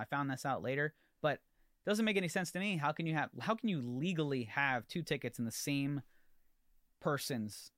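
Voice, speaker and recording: A man hosting a podcast, telling an animated, exasperated story in a ranting solo monologue with many restarts. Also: medium pitch, no room sound, clean studio sound. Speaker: podcast host.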